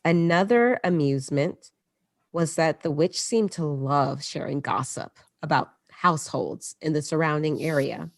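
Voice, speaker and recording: Woman podcaster, low voice, casual storytelling, dry close sound. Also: measured pace, creaky, no room sound. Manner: conversational, mixes read passages with asides. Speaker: podcast host.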